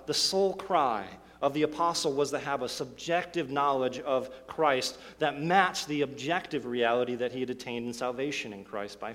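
A man's voice: mid-range voice, fairly bright tone. Emphatic preacher man in an echoing hall. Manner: emphatic, restarts words, asks rhetorical questions. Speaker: pastor. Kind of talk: sermon. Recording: long hall reverb.

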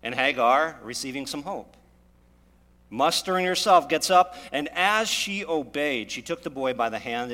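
A man's voice: mid-range voice, bright, forceful tone. A man preaching a sermon, retelling scripture with dramatic storytelling and rising emphasis. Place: church. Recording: long hall reverb.

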